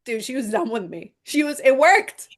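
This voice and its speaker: A woman's voice: high-pitched, very animated, moderate pace. A young woman co-hosting a podcast, telling a salon story in casual chat with playful meowing and quoted voices. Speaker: podcast co-host.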